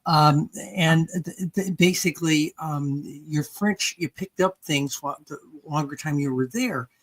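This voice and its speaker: A woman's voice: low-pitched, a little slow. An older woman guest in a casual interview, rambling with frequent restarts and "okay" checks. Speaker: guest researcher and author.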